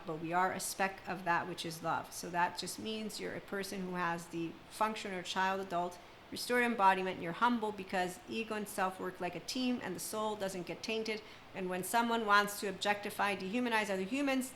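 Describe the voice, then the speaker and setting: A woman's voice: mid-range voice, pushed and bright, a little hiss or hum, rough recording. A woman speaking as a spiritual self-help speaker, talking emphatically in long run-on sentences in an unscripted monologue.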